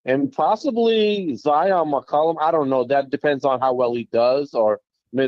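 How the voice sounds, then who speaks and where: A man's voice: mid-range voice, no echo. A man calling into a sports show, polite and hesitant with many fillers. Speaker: caller, teacher. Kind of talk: call-in opinion. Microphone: phone line. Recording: dull phone-line audio.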